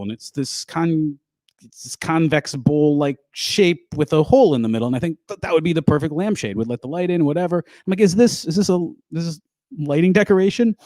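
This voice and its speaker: Fairly high, dry-voiced male comic. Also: no echo. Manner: rambling, self-deprecating storytelling with loud put-on voices. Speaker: stand-up comedian. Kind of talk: online stand-up set. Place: home, performing over a video call. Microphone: headset.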